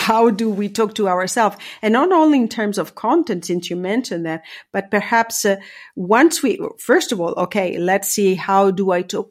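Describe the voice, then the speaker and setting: Woman, leadership coach, interview guest, mid pitch, thoughtful, hesitant. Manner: thoughtful, explanatory, with hesitations and self-corrections. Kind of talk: conversational interview.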